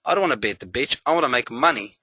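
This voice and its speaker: A naive, impatient young man protests in exasperation, voiced by a man telling a story. He sounds bright and raised, pushed a little above the storyteller's plain voice. It is a storytelling voice rather than a full character performance. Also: mid-range voice, expressive, racing, breathy edge, dry recording. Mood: exasperated.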